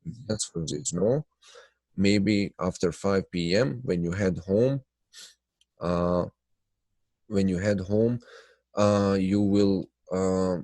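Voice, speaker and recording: A man with a low, nasal voice, stuffed up by his sinuses, hosts a live trading webinar. He talks loosely with lots of fillers and breaks off to greet viewers by name. The sound is dry and close to the mic. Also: slow, pauses often, mellow, dry recording. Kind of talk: live webinar chat and chart analysis.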